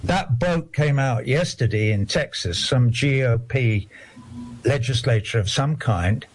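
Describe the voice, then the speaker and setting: A man's voice: medium pitch, lively intonation, measured pace, a little hiss or hum. An older man, talking in a rambling, digressive, indignant way during a casual discussion.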